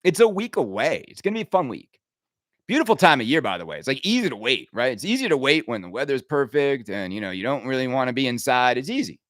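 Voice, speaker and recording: A man hosting a podcast, ranting casually with sarcasm and quick asides. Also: medium pitch, no room sound, clean studio sound. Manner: animated, sarcastic, riffing with laughs and mock impressions. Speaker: podcast host.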